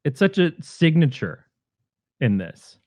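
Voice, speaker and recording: A podcast co-host with a slightly high, mellow voice speaks slowly with big swings in pitch. He chats casually about a film, eagerly retelling its scenes, with no room sound.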